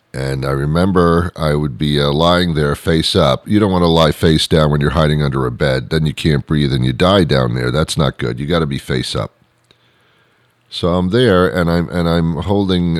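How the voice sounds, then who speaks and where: A man's voice: extremely low pitch, dry recording, clean studio sound. A middle-aged man telling a rambling comic story, with digressions and sarcastic asides. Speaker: comedic storyteller.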